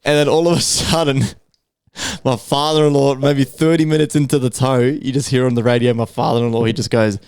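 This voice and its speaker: Man, Australian accent, casual podcast storytelling, crisp resonant voice, dry close mic. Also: medium pitch, steady tone, fairly quick, a little mellow, no echo. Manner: profane, rambling anecdote full of acted-out quotes. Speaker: podcast co-host.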